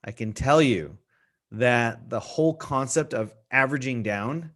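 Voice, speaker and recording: A man's voice: medium pitch, a little slow, fairly bright tone. Chatty male trading stream host. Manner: conversational, answers chat questions, repeats points for emphasis. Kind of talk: live market analysis stream.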